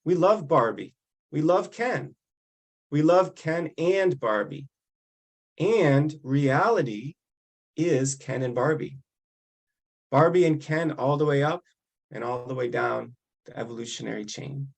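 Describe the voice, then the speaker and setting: A man reading a prepared text aloud over a video call, measured and deliberate with pauses. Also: on the high side, gravelly. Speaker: reader of the weekly code.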